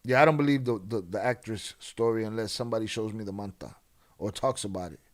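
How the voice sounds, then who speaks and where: A man's voice: lowish voice, fast. A man hosting a casual livestream, talking bluntly and skeptically with a lot of swearing. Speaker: livestream host.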